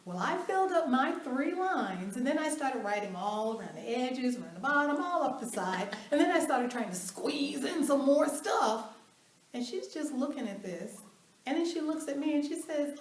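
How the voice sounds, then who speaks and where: A woman giving a storytelling motivational talk at an event, animated, acting out the voices she quotes and laughing along. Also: sits high, moderate pace. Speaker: motivational speaker. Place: event hall. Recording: roomy hall, mic at a distance.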